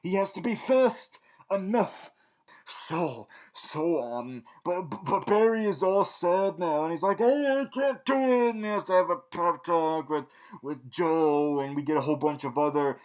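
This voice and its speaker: A man's voice: on the high side, measured pace. A young man in a villain persona, rambling through a casual, snarky TV recap full of fillers and restarts. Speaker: vlog host recapping a TV show.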